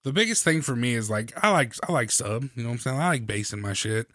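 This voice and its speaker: A man's voice: mid-range voice, expressive, quick pace, a bit bright, no room sound, studio quality. A man in casual chat, ranting bluntly and profanely.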